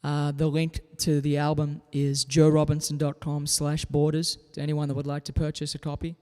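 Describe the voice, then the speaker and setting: An Australian man with a slight Southern US drawl hosts a live guitar show from home, chatting casually between songs and reading out viewer comments in a relaxed way. His voice is a little high and smooth, at a moderate pace, with a big-room sound.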